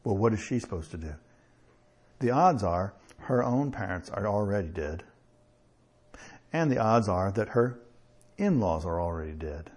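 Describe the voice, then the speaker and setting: A man preaching a sermon in a conversational way, with chuckles and slow emphatic pauses. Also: lowish voice, lively intonation, a little mellow.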